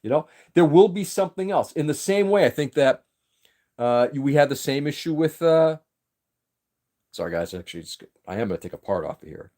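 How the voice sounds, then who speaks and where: A man's voice: a little high, animated, fairly quick, mellow. Guy from new england ranting on his stream, emphatic, keeps restarting sentences. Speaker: livestream host. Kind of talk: casual political rant on a livestream.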